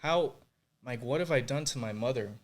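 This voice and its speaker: A man's voice: mid-range voice, normal speed. Young man, earnest, emotional, faith testimony, lots of filler words, podcast guest. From Puerto Rico. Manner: earnest, emotional, many fillers like "like" and "you know".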